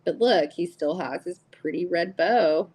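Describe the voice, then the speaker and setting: A woman's voice: fairly low pitch, a little slow, darkish tone, husky, rough recording. A middle-aged woman hosting a live tarot stream, chatting casually and giggling as she greets viewers by name.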